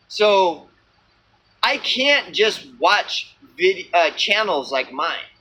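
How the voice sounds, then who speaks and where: A man with a high, sharp voice rants to his camera in a loose vlog. He swears freely and circles back on himself with many fillers and false starts. His tone is tense and bright throughout. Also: poor audio. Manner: profane, repetitive, many fillers and restarts. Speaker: small channel vlogger. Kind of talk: rambling unscripted rant to camera.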